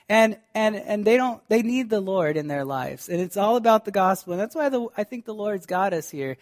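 Male pastor, higher-pitched voice, fervent sermon delivery, talks straight to the congregation with frequent restarts.

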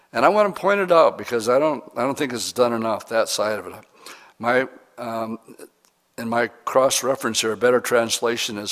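Pastor teaching a verse-by-verse sermon. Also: male voice, mid-range voice, fairly bright tone. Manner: reads scripture slowly, then talks plainly and asks the congregation questions.

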